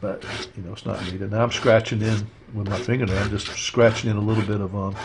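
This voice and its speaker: A man teaching a watercolor painting demo, talking through his steps in a relaxed, rambling way with lots of fillers. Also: on the low side, fast, vocal fry, crowd noise. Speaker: art instructor. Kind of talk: casual painting demonstration.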